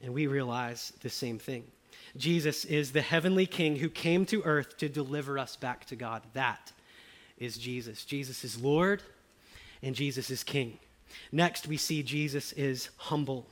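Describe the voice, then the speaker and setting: A man preaching a sermon, repeating key phrases and slowing down to stress them. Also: medium pitch. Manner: emphatic, repeats key phrases, rises and slows for emphasis. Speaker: pastor.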